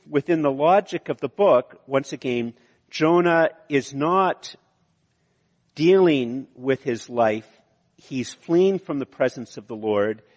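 A man preaching a sermon, explaining the text in a conversational way with frequent fillers. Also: medium pitch. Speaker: pastor. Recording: lo-fi reverberant hall.

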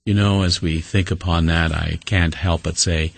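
A man preaching a sermon and telling a story with earnest emphasis, rising high for key words and dropping almost to a hush. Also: steady tone, normal speed, gravelly, no echo.

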